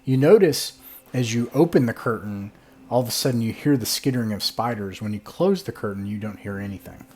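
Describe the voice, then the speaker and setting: A man's voice: mid-range voice, fairly quick. Laid-back male game master. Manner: relaxed, filler-heavy narration. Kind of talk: narrating a tabletop game.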